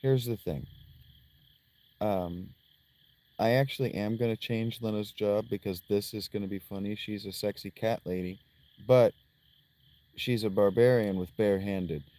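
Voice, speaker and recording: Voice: low voice, fairly even intonation, moderate pace, dark tone. A game streamer chatting casually while playing, with ums and offhand swearing. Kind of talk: casual let's-play commentary.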